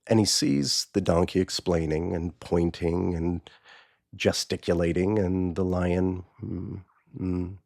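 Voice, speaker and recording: A man with a low voice hosts a podcast and tells a parable in a loose, casual way, restarting his phrases as he goes. The recording is dry and close, with no room echo. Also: a little slow, creaky, darkish tone. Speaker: podcast host. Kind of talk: casual storytelling.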